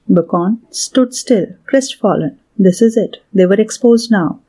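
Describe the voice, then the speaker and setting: A woman narrating a scripted story in a measured, steady reading. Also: fairly high pitch.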